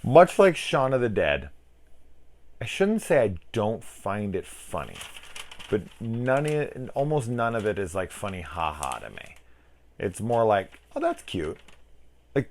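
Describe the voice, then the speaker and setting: A man's voice: fairly low pitch, very animated, moderate pace. A young man giving a casual, rambling film review, swearing freely and acting out the people he talks about. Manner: rambling, profane, self-mocking, mimics people in quotes. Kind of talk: casual spoken movie review.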